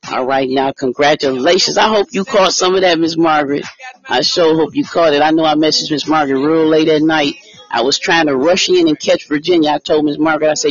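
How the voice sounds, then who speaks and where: A man's voice: a little high, fairly even intonation, a little fast. A man hosting a casual live stream, chatting with viewers by name and reading out lottery numbers. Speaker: livestream host giving lottery picks. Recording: dull lo-fi stream audio with faint music.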